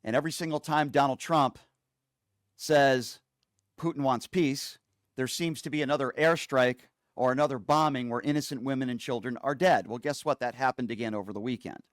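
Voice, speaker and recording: A man's voice: medium pitch, brisk, no echo, studio quality. A male political talk show host giving scornful, mocking commentary.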